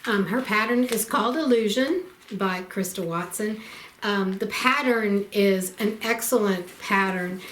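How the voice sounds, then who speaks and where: A woman's voice: medium pitch, a little slow, a bit bright, slight background noise. A middle-aged woman giving a casual quilting tutorial, explaining each step plainly with frequent ums. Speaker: quilting instructor.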